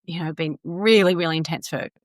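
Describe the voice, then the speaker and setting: Lively, animated woman telling her story. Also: on the low side, quick pace, dry recording, clean studio sound. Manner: animated, acts out quotes with laughs. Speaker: podcast guest. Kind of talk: casual storytelling.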